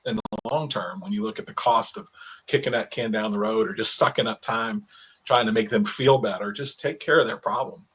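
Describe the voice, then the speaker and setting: A man's voice: mid-range voice, a bit bright, breathy edge. A man speaking as an expert on a panel discussion, chatty and self-deprecating, with frequent restarts and repeated words.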